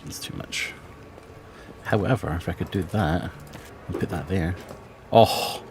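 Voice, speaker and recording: Male streamer, lowish voice, offhand muttering and casual swearing, home desk mic. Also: unhurried, a little hiss or hum. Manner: mutters to himself while playing, swears casually. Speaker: game streamer. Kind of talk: casual gaming stream chat.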